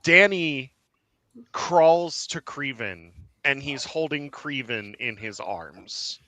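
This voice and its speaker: A man guiding a tabletop game with an expressive, bright voice that swings widely in pitch. He paces his narration slowly and throws in theatrical sound effects. The recording is close and dry. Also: no room sound. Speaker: game master.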